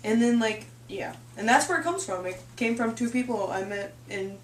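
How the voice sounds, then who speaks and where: A woman's voice: on the high side, lively intonation, normal speed, far from the mic, slight background noise. A young woman from Canada hosting a casual chat, rambling and giggly. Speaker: host. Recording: echoey room, off-mic.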